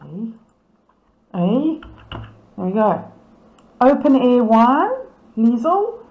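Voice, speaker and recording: A woman's voice: on the high side, very animated, drawn-out words, echoey room, narrow, tinny audio. A woman, casually commenting on club photos as she reads out titles and names, amused and laughing often. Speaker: camera club presenter.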